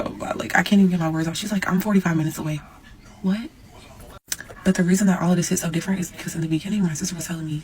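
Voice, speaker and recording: Animated woman telling a storytime. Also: lowish voice, gravelly, slight background noise, poor audio. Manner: animated, swears, addresses viewers as y'all. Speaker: storyteller vlogger. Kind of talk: casual storytime to camera.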